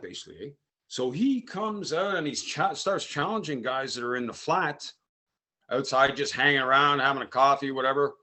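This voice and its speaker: A man's voice: medium pitch, sharp tone. A French Canadian man from Canada telling a casual, rambling story, full of "eh" and "man" tags. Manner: rambling, frequent "eh" and "man" fillers. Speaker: podcast host.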